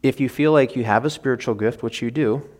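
A man's voice: mid-range voice, a little fast, a little mellow. Man preacher, earnest sermon, reads a story then talks it through loosely. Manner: earnest, rambling, restarts mid-thought. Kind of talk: sermon with a story read aloud.

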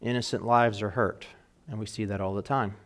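A man preaching a sermon in an earnest way, rising in emphasis and dropping to quiet asides, and reading scripture aloud with weight. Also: fairly low pitch, steady tone, a little fast. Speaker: pastor.

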